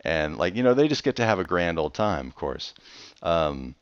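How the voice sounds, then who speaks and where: Deep, lively man rambling over gameplay. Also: moderate pace, smooth, no room sound. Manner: chatty, rambling storyteller with playful outbursts. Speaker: Minecraft let's player. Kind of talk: casual gameplay commentary. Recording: dull, slightly lo-fi dry recording.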